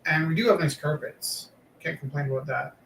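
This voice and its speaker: Rambling with lots of fillers, this man talks casually as he draws on his live stream. His voice is slightly high, brisk, gravelly and a bit bright, captured in an echoey room with a far-off mic and faint background noise.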